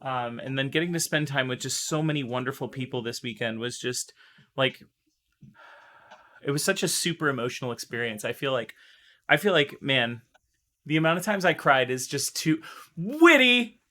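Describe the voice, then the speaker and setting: A man chatting casually on a live stream, excitable and emotional, rambling and restarting, his voice still strained from recovering. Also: mid-range voice, moderate pace.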